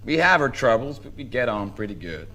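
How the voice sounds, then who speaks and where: A man with a Southern US accent giving a live dramatic reading of a first-person story in a slow, wry drawl. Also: mid-range voice, sing-song, bright, forceful tone. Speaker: reader.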